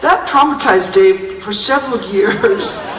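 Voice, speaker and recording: A woman's voice: medium pitch, unhurried. Woman telling rambling stories in an echoey arena. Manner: rambling, candid, self-mocking storytelling. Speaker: singer performing on stage. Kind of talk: comic stage monologue. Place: large concert venue, indoors. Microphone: recorded from the audience, far from the stage. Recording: distant, echoey arena recording with crowd noise.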